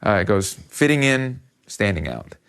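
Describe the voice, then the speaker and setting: A man preaching a youth sermon to teenagers in a conversational, animated storytelling way. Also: fairly low pitch, unhurried, clean tone. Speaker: youth pastor.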